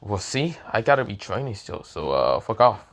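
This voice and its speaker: A man's voice: fairly low pitch, very animated, moderate pace, vocal fry, fairly bright tone, heavily acted. A man as a crude, irritable teen boy. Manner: swears bluntly, brushes people off.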